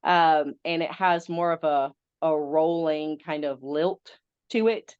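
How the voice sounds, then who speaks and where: A woman's voice: low voice, slow, clean tone, no room sound, highs cut off. A woman in her thirties with a Southern American accent, chatting as a veterinarian guest with many ums. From Southern United States. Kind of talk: casual interview.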